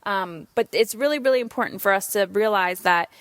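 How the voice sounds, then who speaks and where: A woman hosting her own podcast, talking in an energetic, emphatic way, a little out of breath, swearing casually now and then. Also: medium pitch, fairly quick, no room sound, studio quality. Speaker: podcast host and parenting coach. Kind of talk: solo podcast monologue.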